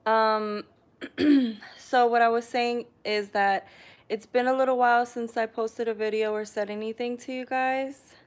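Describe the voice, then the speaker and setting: A woman casually chatting on a live stream, reading viewer comments aloud and often clearing her throat. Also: on the high side, fairly even intonation, measured pace. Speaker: vlogger hosting a live stream.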